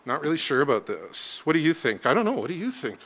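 A preacher doing dithering, fearful wanderers. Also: male voice, a little high, sing-song, a bit bright. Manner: dithering, unsure, quick. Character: hesitant, fearful crowd of wanderers.

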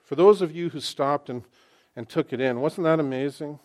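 Man, 60s, pastor mid-sermon; dynamic delivery, repeats lines for emphasis, loud-to-soft swings. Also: a little high, moderate pace. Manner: emphatic, swings from loud exclamations to hushed asides.

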